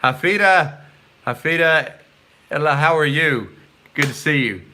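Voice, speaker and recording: A middle-aged man hosting a casual live stream, chatting and reading viewer comments aloud while haltingly sounding out foreign words. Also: fairly high pitch, animated, pushed and bright, a little hiss or hum.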